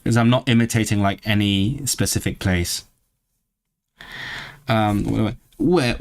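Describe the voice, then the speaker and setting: A man's voice: fairly low pitch, unhurried, pauses often. Chatty man with vague British accent. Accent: vaguely southern British. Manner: chatty, stumbling restarts, frequent laughs. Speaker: language-learning streamer. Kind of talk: casual livestream chat. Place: lives in northwest England.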